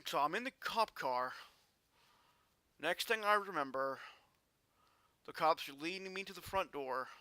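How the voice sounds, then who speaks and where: A man vlogging a personal story in an earnest, halting way with frequent restarts. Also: a little high, expressive, bright, forceful tone, no room sound.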